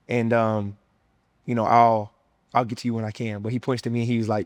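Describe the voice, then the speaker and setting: A man's voice: lowish voice, little pitch movement, fairly quick, no echo, studio quality. A young man with a Southern US accent, sharing his personal faith testimony in an earnest, emotional, casual way. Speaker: former college football player sharing his testimony.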